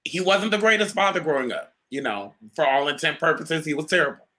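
Bright-voiced reflective male host. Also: a little high, big pitch swings, a little fast. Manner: reflective, asks long questions. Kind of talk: interview.

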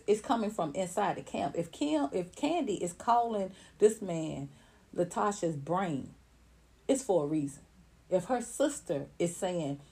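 A woman giving blunt, animated celebrity gossip commentary on her own channel. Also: fairly low pitch. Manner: animated, blunt, rising to heated outbursts. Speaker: commentary vlogger.

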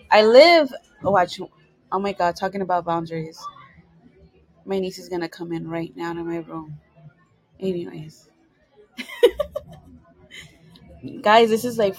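A woman's voice: lowish voice, no room sound, low-quality recording. A young woman co-hosting a podcast from her bedroom at home, talking candidly with frequent swearing and laughter. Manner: candid, profane, laughs often. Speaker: podcast co-host. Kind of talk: casual podcast chat.

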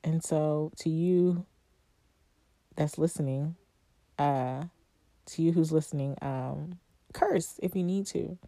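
Woman host, deep mellow voice, unhurried reflective monologue, dry close sound. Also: no room sound. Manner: heartfelt, conversational, with long pauses and rhetorical questions. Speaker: podcast host. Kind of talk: reflective solo podcast monologue.

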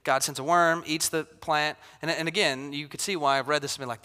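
A man's voice: fairly high pitch, fairly even intonation, fairly quick, bright, forceful tone, clean tone. A man preaching a sermon in a conversational way, often acting out quotes with rising intensity. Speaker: pastor. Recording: reverberant hall.

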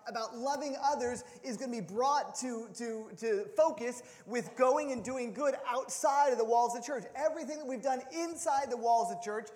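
A man preaching a sermon as pastor of a church, playful and animated, often repeating words as he restarts a thought. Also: very high-pitched, moderate pace, hardly any pauses. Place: church sanctuary. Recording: long hall reverb.

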